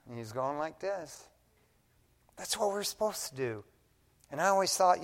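A middle-aged man preaches in a loose, storytelling way, leaning on "man" as he goes. His voice sits a little high. The sound rings with the long reverb of a big church hall. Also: normal speed, pauses often. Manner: folksy, animated storytelling preacher, says "man" often. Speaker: pastor. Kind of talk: conversational sermon. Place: church sanctuary.

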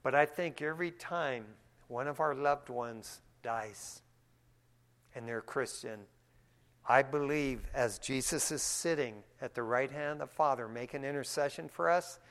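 A pastor preaching a sermon in a church, a man who swings from hushed asides to loud, excited preaching and speaks in a folksy way, often calling people "man". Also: medium pitch, unhurried.

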